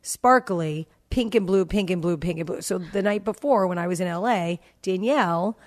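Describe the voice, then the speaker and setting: Speaking at a normal pace in a lowish voice, a fortysomething woman hosts a podcast. She chats casually while telling a tale about her kids, voicing their dialogue herself.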